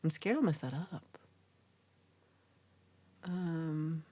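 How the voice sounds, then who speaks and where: A young woman hosting a casual livestream, reading viewer comments aloud and chatting in a lively, reactive way. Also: low voice, extremely slow. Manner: chatty, reacts with gasps and laughs, animated. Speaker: livestream host reading chat.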